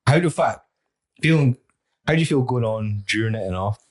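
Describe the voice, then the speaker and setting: A man's voice: mid-range voice, animated, brisk. A man co-hosting a podcast, asking questions and chipping in dry jokes in casual chat. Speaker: podcast co-host.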